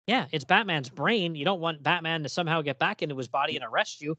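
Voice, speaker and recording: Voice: mid-range voice, fast talker, pushed and bright, no echo, lo-fi sound. A podcast co-host in casual chat, reading comic captions aloud and asking puzzled questions about the plot.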